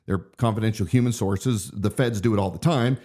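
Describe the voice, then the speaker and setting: A man's voice: on the low side, brisk, dark tone. Earnest man co-hosting a podcast. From United States. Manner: earnest, reads quotes aloud. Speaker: podcast co-host. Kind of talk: casual political podcast talk.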